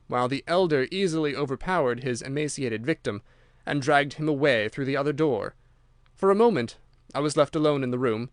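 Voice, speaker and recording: Guy reading a mystery story aloud, smooth clear voice, dead dry recording. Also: medium pitch, no echo. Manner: steady measured storytelling. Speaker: audiobook narrator. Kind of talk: scripted narration.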